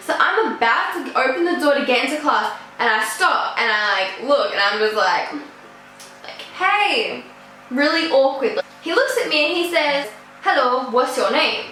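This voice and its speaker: Teen girl vlogger, high and bright, chatty storytime, echoey room. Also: animated, moderate pace, faint music behind. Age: teens. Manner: chatty, rambling, full of "like". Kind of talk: casual storytime.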